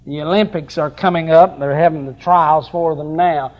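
A middle-aged man preaching a sermon with passion, dropping at times to soft, tender passages. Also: a little high, fairly even intonation, moderate pace, dull audio.

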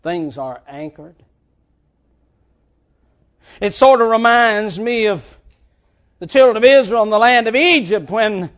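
A man preaching a sermon, swinging between shouted lines and quiet, drawn-out ones. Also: very high-pitched, animated.

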